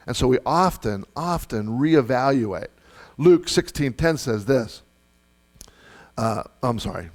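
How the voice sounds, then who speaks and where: A pastor delivers a conversational sermon in a mid-pitched man's voice. He often restarts phrases and checks in with the listeners, and he acts out the people in his examples. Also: animated, slow pace, darkish tone. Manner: conversational, repeats words, often asks "right?".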